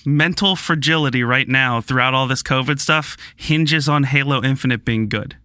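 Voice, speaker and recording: A man co-hosting a casual podcast chat, ranting in a profane and animated way. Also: mid-range voice, normal speed, clear, resonant tone, dry recording, clean studio sound. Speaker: podcast co-host.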